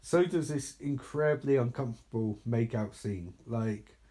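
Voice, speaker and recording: A man's voice: medium pitch, normal speed, dark tone. A man giving live reaction commentary on a horror movie, sarcastic and exasperated, swearing freely.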